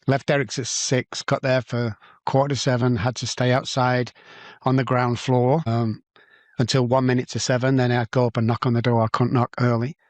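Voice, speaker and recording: A podcast guest, middle-aged and from England, narrates his life story in a Manchester accent, animated and voicing the other people in his tales. He keeps a medium pitch with little pitch movement and a moderate pace; there's no room sound.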